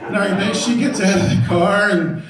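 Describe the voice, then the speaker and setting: A middle-aged man doing stand-up, telling a story about his daughter and acting out loud quotes, often laughing as he talks. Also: high voice, normal speed. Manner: animated, loud acted-out quotes, laughing through lines. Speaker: stand-up comedian. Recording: echoey room, far from the mic, loud noise.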